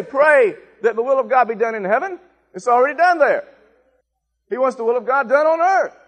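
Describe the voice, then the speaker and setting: A male pastor with a fairly high voice preaches an emphatic sermon. He repeats his points and swells into shouted calls for the congregation to repeat after him. The sound carries the long reverb of a church hall. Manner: emphatic, rising to shouted call-and-response. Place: church sanctuary.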